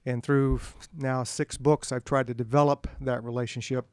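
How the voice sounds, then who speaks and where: A middle-aged man, an author, telling self-deprecating anecdotes to an audience at a bookstore event in a relaxed, humorous way. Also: mid-range voice, normal speed, clean tone, dry recording, studio quality. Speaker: author speaking at a book event. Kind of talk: humorous storytelling talk to an audience.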